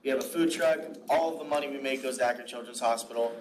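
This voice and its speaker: A man's voice: medium pitch, fast talker. Young guy reading out reminders at a meeting, laid back, far from the mic, people around. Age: young adult. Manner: casual, rambling with fillers. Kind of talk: meeting announcements. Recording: distant mic with crowd behind.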